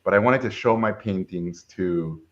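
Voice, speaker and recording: Animated middle-aged man telling stories. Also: deep voice, normal speed, lo-fi sound. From Mexico. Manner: animated, acts out quoted voices. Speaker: film director guest. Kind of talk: casual storytelling chat.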